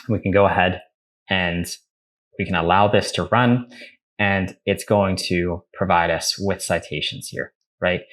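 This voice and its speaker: A young man with a deep, low-pitched voice hosts a casual screen-share tutorial. He talks in a loose, chatty way and corrects himself as he goes. When he types prompts, he reads them aloud slowly. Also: fairly bright tone. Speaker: tech tutorial host.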